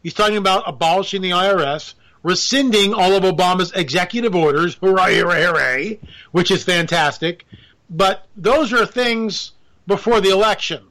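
A man giving casual political commentary in a sarcastic, excitable rant. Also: high voice, moderate pace, low-quality recording.

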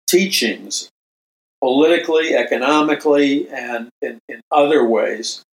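Slow, emphatic older man preaching. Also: medium pitch. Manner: slow, emphatic, repeats phrases for stress. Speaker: Christian speaker and author. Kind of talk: preaching monologue. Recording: roomy echo.

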